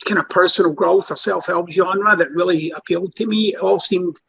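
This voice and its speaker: A man's voice: high voice, steady tone, a little fast, vocal fry, a bit bright, breathy edge, highs cut off. A Scottish man guest, an author and coach, telling his story bluntly and casually, with some swearing. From Scotland. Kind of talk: relaxed interview storytelling.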